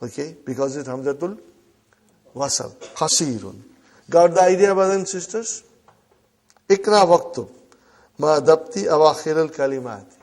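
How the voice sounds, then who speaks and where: A man teaching Arabic to a class, slowly repeating phrases and prompting the students with short questions. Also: a little high, expressive, darkish tone. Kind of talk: classroom lesson.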